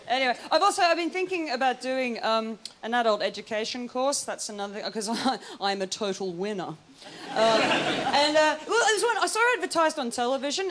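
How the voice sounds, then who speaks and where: A woman's voice: a little high, a little hiss or hum. An Australian woman performing a stand-up comedy set, chatty and rambling with plenty of ums. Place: TV studio stage before a live audience. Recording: loud studio audience laughter.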